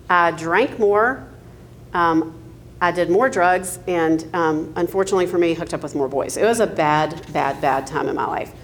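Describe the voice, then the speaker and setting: A woman in her fifties from the American South tells her story in a low-pitched, candid voice. She talks casually with ums and light laughs, and a faint noise sits behind her. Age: 50s. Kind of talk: personal testimony.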